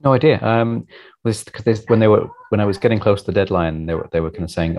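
A man's voice: lowish voice, fairly even intonation, fast talker, darkish tone, rough recording. A man being interviewed about his writing, chatting casually and self-deprecatingly, with many restarts and repeated words.

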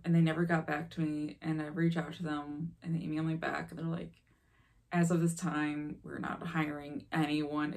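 A woman in her thirties from the Chicago area gives a candid, casual life update, acting out the exchanges she describes. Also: low-pitched. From Chicago area, Illinois. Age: 30s. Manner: chatty and candid, acts out quoted exchanges. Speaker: vlogger.

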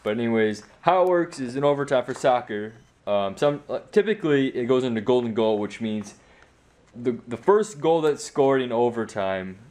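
A man's voice: mid-range voice, lively intonation, moderate pace, a little mellow. Teen guy rambling on his vlog, tired after practice, lots of ums, keeps calling himself bad. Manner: rambling, self-mocking, many fillers. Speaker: vlogger. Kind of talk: casual vlog chat.

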